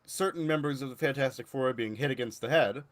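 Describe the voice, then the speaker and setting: A man co-hosting a casual podcast, making puns and chuckling, often trailing off quietly, then reading news aloud. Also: mid-range voice, fairly quick. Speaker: podcast co-host.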